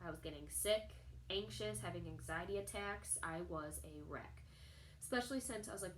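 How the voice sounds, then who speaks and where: A young woman talking straight to her camera, telling a personal story in a chatty, animated way and acting out other people's lines. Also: normal speed, a little hiss or hum. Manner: chatty, animated, acts out quoted people in a higher voice. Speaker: vlogger. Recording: echoey room.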